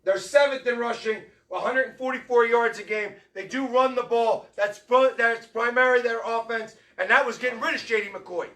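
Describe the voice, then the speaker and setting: A man with a very high, piercing bright voice hosts a fan sports show. He rants in a fired-up, rambling way, shouting his points as he goes. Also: moderate pace, few pauses. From Philadelphia area. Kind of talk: fan commentary rant. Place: tavern.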